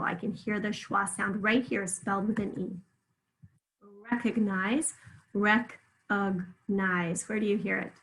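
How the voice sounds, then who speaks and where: A woman teaching a remote phonics lesson, patiently drawing words out slowly so listeners can hear each sound. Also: medium pitch, fairly bright tone, rough recording.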